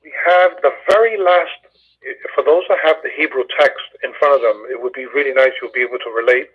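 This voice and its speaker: Man, Bible study teacher, husky voice, methodical and patient, lots of uh pauses, tinny phone line. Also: medium pitch. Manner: methodical, patient explaining with frequent "uh" fillers. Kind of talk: Hebrew grammar lesson over a phone call.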